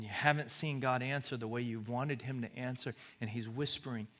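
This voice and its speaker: Bright-voiced preaching man, loud then hushed. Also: medium pitch, steady tone, a little fast, few pauses. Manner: swings from loud exhortation to hushed near-whisper; repeats short urgent phrases. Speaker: pastor. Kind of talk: sermon.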